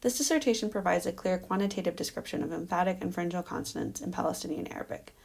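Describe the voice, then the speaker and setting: Woman, doctoral candidate, slide-by-slide academic defense talk; lowish voice with gravelly fry, measured delivery. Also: darkish tone. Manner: measured, explanatory, with occasional um. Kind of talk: academic presentation over slides.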